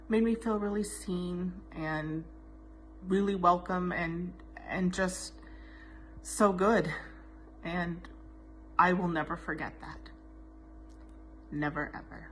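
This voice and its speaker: A dog groomer telling a heartfelt, self-deprecating anecdote in a personal tribute message. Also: female voice, lowish voice, steady tone, slow pace, pauses often, a bit bright, soft background music.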